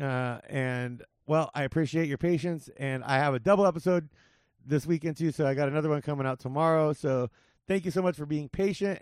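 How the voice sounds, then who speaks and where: A man hosts a casual podcast in a somewhat high voice. His talk is loose and rambling, full of "uh" and "like". The sound is dry and close to the mic. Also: darkish tone, clear, resonant tone, dry recording. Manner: loose, rambling, lots of fillers and laughs. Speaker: podcast host.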